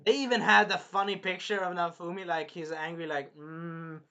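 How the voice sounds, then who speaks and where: A man's voice: high-pitched, fairly quick, pushed and bright. Rambling man reviewing an anime episode. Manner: rambling, swears casually, retells scenes in quoted voices. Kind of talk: casual episode review chat.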